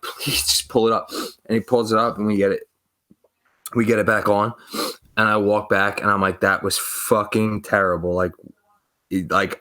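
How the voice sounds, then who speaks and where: A young man with a somewhat low voice tells a story on a casual podcast. He rambles, swears freely, and acts out the people he quotes. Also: bright, forceful tone. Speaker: podcast co-host.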